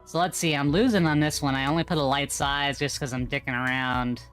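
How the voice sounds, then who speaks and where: A man's voice: medium pitch, a little fast, clear, resonant tone, soft background music. Offhand male trading streamer. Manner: relaxed, offhand rambling. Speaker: streamer and day trader. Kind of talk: live stream commentary.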